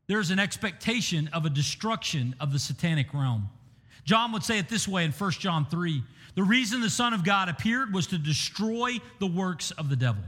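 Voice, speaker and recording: A man's voice: high-pitched, a bit bright, in a large hall. A man preaching a sermon in an emphatic, conversational way, asking the listeners questions. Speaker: pastor.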